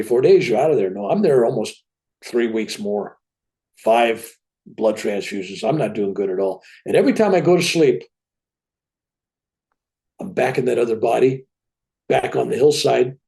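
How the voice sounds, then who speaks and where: A man's voice: medium pitch, vocal fry, mellow. An older man telling a personal story as an interview guest, acting out the dialogue as he goes.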